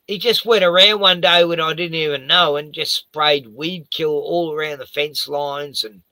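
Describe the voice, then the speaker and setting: A man's voice: fairly high pitch, bright, forceful tone, no echo, poor audio. An older man, a retired house painter, rambling and swearing through a casual chat with lots of "you know".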